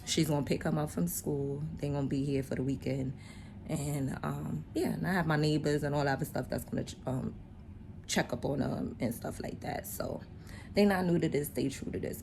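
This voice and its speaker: A woman in her forties chats casually into her phone camera, unhurried and informal, with a slightly low voice for a woman. Loud street traffic roars behind her. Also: creaky. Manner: relaxed, talks straight to viewers. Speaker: vlogger. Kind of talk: casual chatty vlog.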